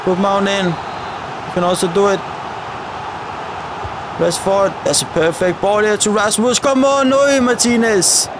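A man's voice: high-pitched, fairly even intonation, a little slow, pauses often, noisy background. A man giving live, chatty commentary over a football video game as a gaming video creator, grumbling at the referee and his players.

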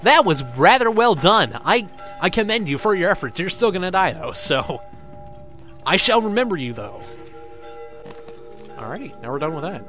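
A young man doing casual let's-play commentary, joking and swearing a lot, with animated outbursts. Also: sits high, normal speed, pauses often. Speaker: gameplay commentator. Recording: faint game music behind.

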